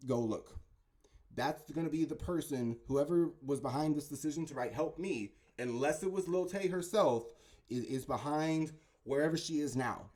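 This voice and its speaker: With a mid-range, darkish voice, this man delivers a loose, rambling conspiracy monologue, stumbling frequently and pressing his listeners with "right?" and "okay?".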